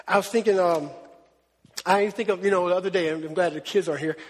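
High-voiced husky male preacher. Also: a little fast. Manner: animated, often asks the crowd "right?". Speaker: pastor. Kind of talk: conversational sermon. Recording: long hall reverb.

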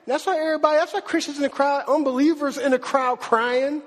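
A man preaching a lively, conversational sermon in slang, acting out the voices of people in the story. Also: very high voice, quick pace. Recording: long hall reverb.

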